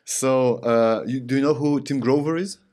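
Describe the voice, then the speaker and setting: A man's voice: medium pitch, moderate pace, darkish tone. A man hosting a podcast interview who mostly reacts with short interjections. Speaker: podcast host. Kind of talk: casual interview.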